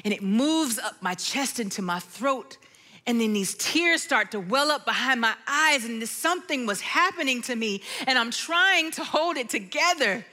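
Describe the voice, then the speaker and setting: High bright-voiced woman giving a testimony. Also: expressive, moderate pace. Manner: storytelling, drops to a hushed tone, sings lyric lines softly. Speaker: speaker at a church gathering. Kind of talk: personal testimony sermon.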